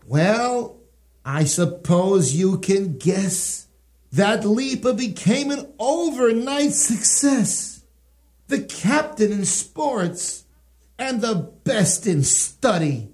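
A man narrating a rhyming children's story in a sing-song, expressive way. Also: high voice, extremely slow. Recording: music playing behind.

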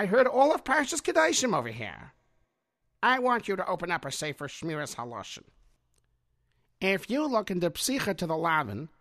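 A performer voicing a patient old grandfather in a children's drama, speaking in a gentle, measured, lecturing way. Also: medium pitch. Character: patient old grandfather teaching his boys. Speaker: grandfather, Zadie.

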